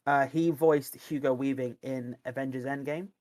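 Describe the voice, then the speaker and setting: On a podcast, this male co-host chats with enthusiasm about movies and games in a loose, rambling way, frequently starting over. He speaks at a moderate pace in a steady, slightly mellow mid-range voice, and the recording is dry.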